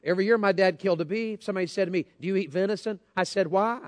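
A man's voice: sits high, rapid-fire. A man preaching a sermon, telling folksy stories and calling out to the congregation. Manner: folksy storytelling, calls out to congregation. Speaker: pastor.

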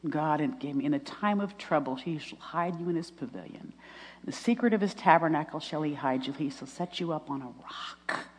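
A woman's voice: sits low, moderate pace, breathy edge. A middle-aged woman giving an earnest testimony sermon, quoting scripture and laughing at herself. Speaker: speaker at a women's retreat. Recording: long reverb in a hall.

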